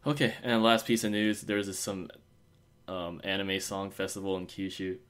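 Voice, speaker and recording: A man's voice: low-pitched, level tone, normal speed, fairly bright tone, clear, resonant tone. Chatty man co-hosting a fan podcast. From Osaka. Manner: rambling, chatty, many fillers and restarts. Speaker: podcast co-host. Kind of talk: casual fan podcast chat.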